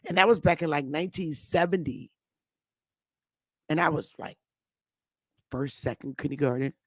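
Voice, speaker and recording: A woman in her fifties from Connecticut, USA, a vlogger, tells stories to her viewers in a blunt, profane, emphatic rant. Her voice sits low at a moderate pace, and the recording is dry.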